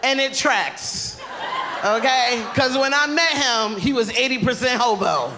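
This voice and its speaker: A woman comedian doing a stand-up set on stage into a handheld mic, animated and laughing through her punchlines. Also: fairly high pitch, unhurried, background noise.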